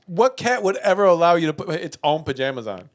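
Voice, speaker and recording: A man co-hosting a casual podcast, playfully quizzing his friend on slang words, spelling them out slowly and laughing often. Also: a little high, big pitch swings, dry recording, studio quality. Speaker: podcast co-host. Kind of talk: casual chat.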